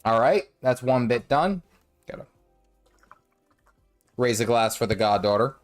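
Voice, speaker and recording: Animated streamer man with a sore throat. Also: mid-range voice, a little slow, faint music behind. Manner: rambling, self-correcting, hums and sings nonsense to himself. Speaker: gaming streamer. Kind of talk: casual live-stream commentary while playing.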